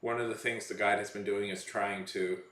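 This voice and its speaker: Rambling man with a low voice. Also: steady tone, normal speed, a bit bright. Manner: meandering, many false starts and self-corrections. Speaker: vlogger. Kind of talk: rambling casual chat. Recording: echoey room.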